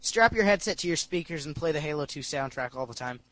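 A man's voice: on the high side, animated, a crowd in the background. A man co-hosting a casual podcast, cracking dry jokes between the others. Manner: wisecracking, drawn-out. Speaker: podcast co-host.

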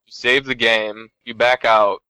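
A man's voice: mid-range voice, flat delivery, a little slow, pushed and bright, smooth, no echo, rough recording. A man co-hosting a casual gaming podcast, explaining game mechanics step by step. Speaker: podcast co-host.

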